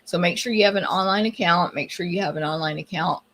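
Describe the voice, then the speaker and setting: A woman's voice: on the low side, quick pace, fairly bright tone, slight background noise. A woman hosting a live craft demonstration, talking casually and chattily, often losing her train of thought. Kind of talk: casual live-stream chat.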